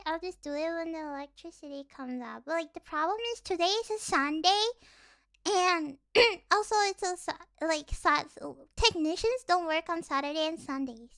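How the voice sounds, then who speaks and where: A woman's voice: sits high, fairly bright tone. A young woman streaming casually, rambling and giggly, with lots of fillers. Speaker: virtual streamer. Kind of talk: casual livestream chat.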